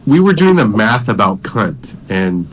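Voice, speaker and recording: A man's voice: fairly low pitch, sing-song, unhurried. A man hosting a live trading room, joking and swearing while calling out trades. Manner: joking, profane, calls out trades. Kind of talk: casual trading chat.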